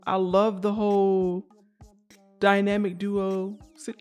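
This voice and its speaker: A woman's voice: medium pitch, level tone, slow pace, darkish tone, smooth, soft background music. A young woman co-hosting a podcast, talking in a chatty, slangy way and laughing often. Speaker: podcast co-host. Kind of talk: casual chat.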